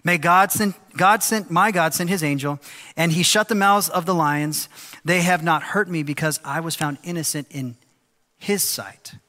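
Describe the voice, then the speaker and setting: A male pastor preaching a sermon, animated and lively, often acting out the voices of people in the story. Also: on the high side, moderate pace. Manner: animated, acts out quoted voices. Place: church sanctuary. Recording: long hall reverb.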